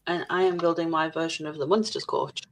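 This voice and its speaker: A woman's voice: low-pitched, fairly even intonation, brisk, poor audio. A woman co-hosting a live stream in casual chat, reading viewer comments aloud with dry, jokey swearing.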